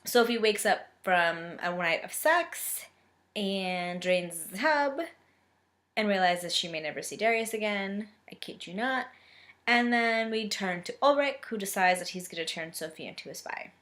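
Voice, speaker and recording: A woman's voice: mid-range voice, unhurried. Sarcastic woman reading a book aloud. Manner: sarcastic asides, expressive reading. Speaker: book reader and reviewer. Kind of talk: casual book reading with commentary.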